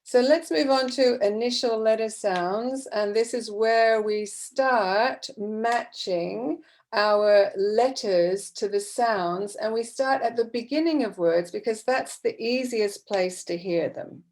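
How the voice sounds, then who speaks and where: A woman's voice: a little high, takes it slowly, a little mellow. A woman teacher trainer explaining classroom methods in a patient, explanatory way, with frequent fillers. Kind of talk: online teacher-training talk.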